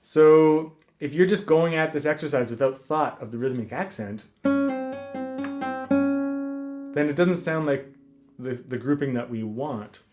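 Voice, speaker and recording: A man teaching a guitar lesson in a relaxed, casual way, counting rhythms aloud with frequent ums. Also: fairly high pitch, measured pace, pauses often. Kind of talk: casual instructional talk.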